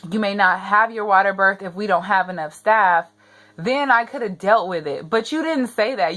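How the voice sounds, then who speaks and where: A woman's voice: mid-range voice, fairly bright tone. A young pregnant woman venting her frustration in a personal rant to the camera, repeating herself as she gets upset. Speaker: vlogger.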